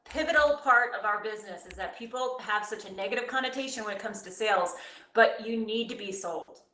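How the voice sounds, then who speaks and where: Brief: woman, bright, emphatic co-host, heard off-mic in an echoey room. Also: mid-range voice, a little fast.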